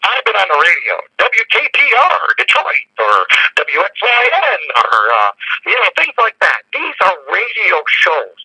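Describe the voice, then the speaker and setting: A man's voice: high-pitched, wildly swooping pitch, moderate pace, bright, forceful tone, husky, low-quality recording. A man calling in to a show, telling a long story in an indignant, rambling way. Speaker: guest caller. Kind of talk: angry storytelling on a call-in show.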